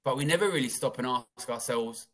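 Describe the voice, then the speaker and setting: A man in his thirties from England, a guest telling his life story in a blunt, profane, animated way. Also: medium pitch, fairly quick. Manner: blunt and profane, acting out quoted dialogue. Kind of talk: casual interview storytelling.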